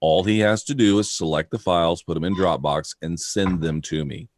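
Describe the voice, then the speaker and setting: A man's voice: sits low, moderate pace, no room sound. A man co-hosting a casual live chat, teasing his friend while patiently explaining things to the audience.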